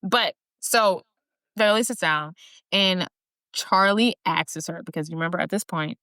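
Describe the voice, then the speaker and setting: Low-voiced woman recapping a movie. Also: measured pace, bright, forceful tone, no room sound. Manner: blunt, crude, many "like" fillers. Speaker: podcast co-host. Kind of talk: casual movie recap chat.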